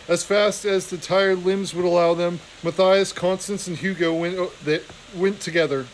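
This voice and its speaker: A man's voice: sits high, fairly even intonation, moderate pace, few pauses, a little hiss or hum, low-quality recording. A man reading a novel aloud in an unpolished way, often restarting and correcting himself. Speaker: reader.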